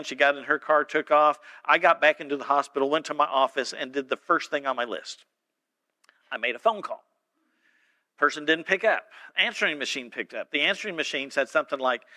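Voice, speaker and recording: Bright, folksy preacher. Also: male voice, a little high. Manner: folksy, animated storyteller. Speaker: pastor. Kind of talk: storytelling sermon.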